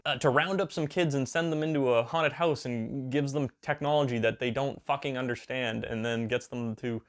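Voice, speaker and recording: A man's voice: medium pitch, fairly even intonation, moderate pace, a bit bright. Rambling, crude-joking man. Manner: crude, joking, hyperbolic, with lots of fillers. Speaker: video creator. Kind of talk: casual rambling commentary.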